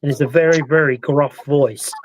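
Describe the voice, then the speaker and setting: A British man hosting a casual live-stream chat about a paranormal investigation, talking in a relaxed, rambling way. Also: a little high, normal speed, a little hiss or hum, low-quality recording. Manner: relaxed, chatty, recounts events at length. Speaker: paranormal investigator and show host.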